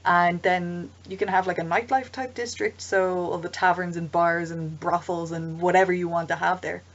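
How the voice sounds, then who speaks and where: A woman's voice: lowish voice, fairly even intonation, moderate pace. A woman giving casual, chatty advice to game masters, rambling into asides with plenty of ums. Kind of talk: casual explanatory vlog. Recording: dull lo-fi home recording.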